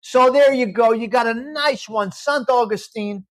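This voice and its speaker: A New York-accented man hosts a casual live chat, blunt and full of opinions. He talks in an animated way, repeats himself for emphasis, and slips Italian phrases into his talk. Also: very high-pitched, unhurried, few pauses. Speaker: live show host.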